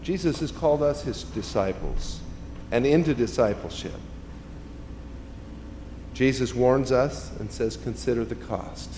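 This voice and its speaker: A man preaching a sermon, his delivery rising to loud, emphatic peaks and dropping to quiet, hushed asides. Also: mid-range voice, expressive, a little slow, pauses often. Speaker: pastor. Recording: long reverb, faint ambient noise.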